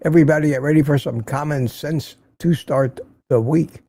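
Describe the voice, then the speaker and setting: Older man, gravelly, teasing livestream host. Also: a little high, moderate pace, warm tone, no room sound. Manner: reads viewer comments aloud, teasing and chatty. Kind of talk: casual livestream chat. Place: home in Florida.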